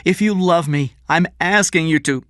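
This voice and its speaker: A man's voice: mid-range voice, very animated, a little slow, fairly bright tone, no room sound, clean studio sound, pitched above the performer's own voice. A man voicing a desperate young woman who begs and pleads in an urgent, raised voice. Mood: pleading. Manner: begging, urgent.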